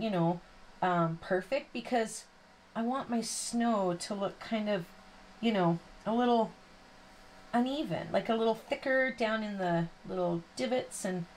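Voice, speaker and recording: A woman's voice: mid-range voice, a little hiss or hum. Chatty woman hosting a craft tutorial. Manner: chatty, rambling, self-deprecating with frequent fillers. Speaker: card-making tutorial host. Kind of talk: casual crafting demonstration.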